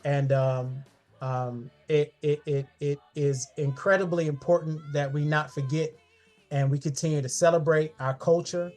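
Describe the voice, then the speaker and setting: A man's voice: fairly high pitch, steady tone, unhurried, a little mellow, soft background music. Man giving a fond talk. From Columbia, South Carolina. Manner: fond, personal, with frequent restarts. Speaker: guest speaker. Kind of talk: online history talk showing family photos. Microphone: video call.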